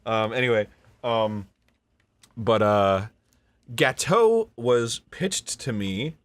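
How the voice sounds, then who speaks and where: A man's voice: medium pitch, animated, takes it slowly, fairly bright tone, smooth, no echo. A man in his thirties telling a casual, rambling story about his voice work, often breaking off mid-sentence and swearing. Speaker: voice actor and show host.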